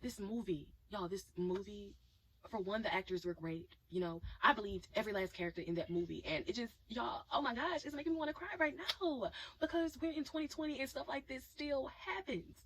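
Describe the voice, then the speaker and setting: A woman's voice: fairly high pitch, brisk, husky, poor audio. A woman talking casually and emphatically to her viewers, reacting to a movie she just watched. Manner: emphatic, talks straight to viewers as "y'all".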